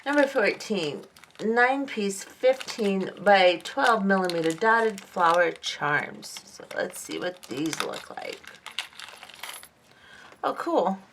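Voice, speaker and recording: Sitting at a lamp-lit craft table at home, a jewelry-making vlogger unboxes craft beads, casually reading each item aloud and admiring it. Her mid-range voice is animated and a bit bright, she takes it slowly, and there's a little hiss or hum.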